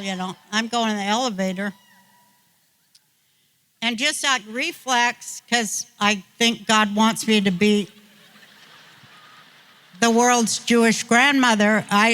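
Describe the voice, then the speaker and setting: Slow-drawling older woman, sharp-toned. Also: on the high side. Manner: drawn-out, folksy, self-mocking. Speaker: guest. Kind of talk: rambling anecdotal storytelling.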